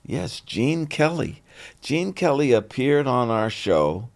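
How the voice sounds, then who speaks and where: An older man, an actor, telling anecdotes in an interview with an animated, indignant delivery. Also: mid-range voice, slow, gravelly. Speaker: actor guest. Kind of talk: storytelling interview.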